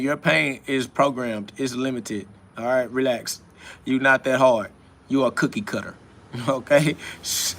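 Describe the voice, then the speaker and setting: A man's voice: medium pitch, a bit bright. A man hosting a live self-talk stream, answering chat comments in a defiant, preachy way, laughing often and repeating his phrases. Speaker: livestream host.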